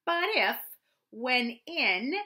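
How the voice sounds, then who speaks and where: A woman voicing a gloomy, dignified old male donkey in a storybook reading, with a slow, dry, sardonic drawl. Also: on the high side, animated, pushed and bright, voice pushed up, exaggerated voice.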